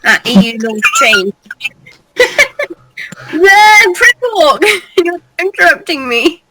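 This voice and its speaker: A woman's voice: extremely high pitch, sing-song, slow, heavy background noise. A woman chatting and teasing on a casual video call. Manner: laughing, teasing. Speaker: guest. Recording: distant video call audio.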